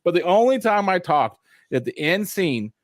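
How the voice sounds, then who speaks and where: A man chats through a show recap, lively and quick to act out the characters' lines. His voice sits a little high and sounds dry and close to the mic. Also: dry recording. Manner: animated, acts out scenes with put-on voices. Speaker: host. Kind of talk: casual review chat.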